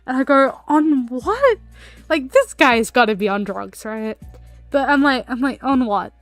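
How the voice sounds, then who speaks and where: Highish-voiced woman streaming and drawing, just rambling a story, swears a lot, some quiet music in the back. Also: normal speed, no room sound. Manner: rambling, heavy on fillers and swearing. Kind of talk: casual storytelling while drawing.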